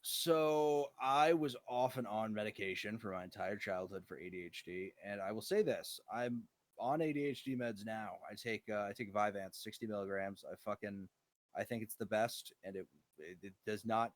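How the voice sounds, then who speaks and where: A man's voice: on the low side, moderate pace, no echo. Profane, rambling young man. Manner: profane, rambling, animated storytelling. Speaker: co-host. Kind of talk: casual chat.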